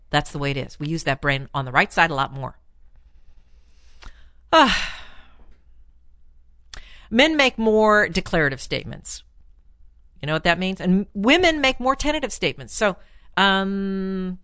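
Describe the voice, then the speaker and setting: A woman hosting an advice show as a relationship therapist, answering listener letters in a chatty, animated way and laughing often. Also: medium pitch, no room sound. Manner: chatty and animated, laughs often, plays up lines with mock exclamations.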